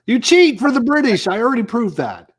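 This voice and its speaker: A man's voice: very high-pitched, sing-song, fairly quick, breathy edge. A man co-hosting a casual wargaming chat, teasing the host and mimicking him. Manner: teasing, mocking imitations.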